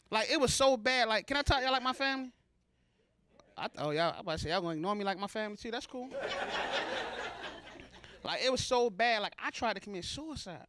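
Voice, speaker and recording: A man's voice: high-pitched, animated, fast talker, long pauses, sharp tone, a little hiss or hum. A man from Baltimore performing a stand-up comedy set on stage, talking in a loose, conversational, self-mocking way. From Baltimore, USA. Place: comedy show stage before a live audience.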